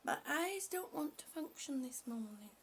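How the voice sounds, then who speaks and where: A woman hosting a casual live stream, greeting viewers by name, short of breath and breathy, often dropping to a whisper. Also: sits high, animated, normal speed, a bit bright, a little hiss or hum. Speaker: livestream host.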